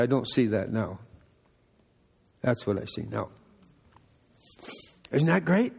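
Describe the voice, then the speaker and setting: An older man delivers a relaxed, chatty sermon full of joking asides. His voice sits a bit high, with a raspy, gravelly texture. The sound carries the long echo of a church hall. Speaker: pastor. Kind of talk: conversational sermon. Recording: echoey hall reverb.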